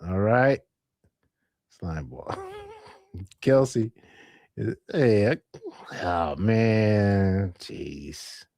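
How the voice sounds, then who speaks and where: A man hosting a late-night live stream, rambling, laughing and thinking out loud. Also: fairly low pitch, expressive, extremely slow, pauses often, dry recording, clean studio sound.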